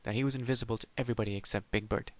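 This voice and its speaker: Sardonic man, middle-aged, rambling comic monologue, dry close sound, mid pitch. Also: fairly even intonation, very fast, fairly bright tone, no echo. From Ireland. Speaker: podcast host.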